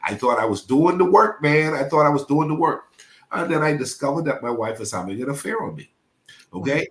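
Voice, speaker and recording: Animated storytelling pastor, echoey room. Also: male voice, fairly high pitch, a little fast. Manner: animated, preacher-like, acts out quoted voices. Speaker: pastor and podcast guest. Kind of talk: emotional personal storytelling.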